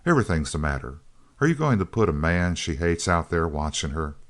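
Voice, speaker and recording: A man reading the lines of a cool, easygoing young male outlaw recruit who talks calmly. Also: deep voice, fairly quick. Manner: calm, easy drawl.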